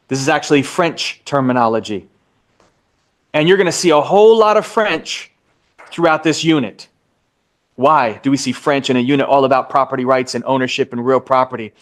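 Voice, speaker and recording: A man's voice: medium pitch, a bit bright. Man teaching a real estate class. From United States. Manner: drawn-out emphasis on key terms, asks the class questions. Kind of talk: live class lecture.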